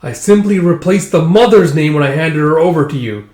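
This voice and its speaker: A scheming, gloating male villain, played by a man close to his own voice. He delivers smug, measured threats without hurry, and a roomy echo sits behind him. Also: a little high, animated, darkish tone, lightly acted.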